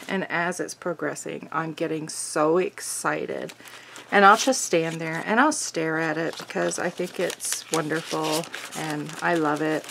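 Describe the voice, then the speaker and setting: A woman hosting a crafting video, chatting casually and thinking aloud, bubbly and easily excited. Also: fairly low pitch, vocal fry, noisy background.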